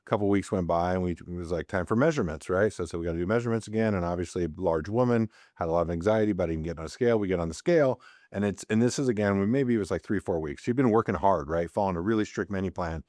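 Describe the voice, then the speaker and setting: A middle-aged man hosting a podcast, telling rambling stories and often tacking on quick tag questions. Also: low voice, darkish tone, no room sound, clean studio sound. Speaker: podcast host. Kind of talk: casual storytelling talk.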